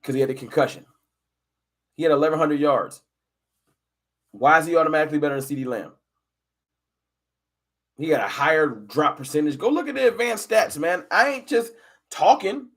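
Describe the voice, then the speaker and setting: A man hosting a casual fan live stream, talking football and arguing with chat viewers in an animated, combative way. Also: fairly high pitch, a little fast, pauses often. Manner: animated, argumentative, addresses chat viewers directly.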